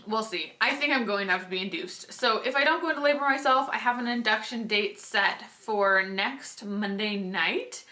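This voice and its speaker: A woman's voice: fairly high pitch, sharp tone. A young pregnant woman chatting casually to camera in a vlog, rambling with lots of "like" and little laughs. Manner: chatty, lots of "like" and restarts, laughs while talking. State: heavily pregnant. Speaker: vlogger.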